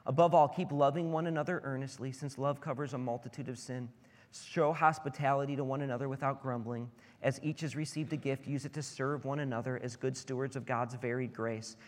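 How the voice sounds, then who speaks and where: Male pastor in his thirties, earnest sermon delivery with emphatic climbs, a touch high-voiced, in a church hall. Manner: earnest, rising to emphatic peaks. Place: church sanctuary. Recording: hall reverb.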